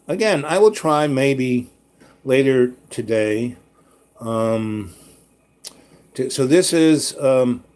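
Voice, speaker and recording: A man of middling pitch hosts a live chat. He tells a long story in a loose, rambling way, stopping and restarting often. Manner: rambling, with many fillers and restarts. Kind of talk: casual storytelling monologue.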